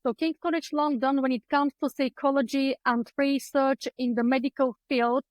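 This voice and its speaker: A woman with an Eastern European accent talks on a video call from a book-filled room at home. Her voice sits high, and the sound is close and dry. She tells her story chattily, filling gaps with ums and playing out her own past thoughts. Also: fairly even intonation, moderate pace, no echo, low-quality recording. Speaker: guest, clinical psychologist. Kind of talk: conversational interview storytelling. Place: home room lined with books.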